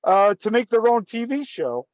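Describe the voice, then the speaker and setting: A man's voice: very high-pitched, big pitch swings, moderate pace, dry recording, highs cut off. A man telling a story in casual conversation, often restarting and repeating words. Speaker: guest storyteller.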